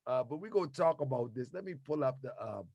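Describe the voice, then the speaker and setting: A man hosting a livestream, talking in a lively, chatty way and urging viewers to share it. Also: mid-range voice, fast, gravelly, no room sound, lo-fi sound. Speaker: livestream host. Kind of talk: casual livestream talk.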